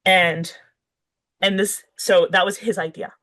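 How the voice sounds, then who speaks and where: A woman's voice: on the low side, steady tone, unhurried, a bit bright, poor audio. Woman author thinking aloud. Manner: thinks aloud with fillers and restarts. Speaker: guest author. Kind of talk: conversational interview.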